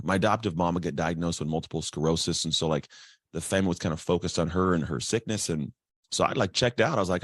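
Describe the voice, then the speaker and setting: A man telling his life story as a guest, energetic and chatty, acting out other people's voices. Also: deep voice, fast, no room sound, studio quality. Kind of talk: candid storytelling.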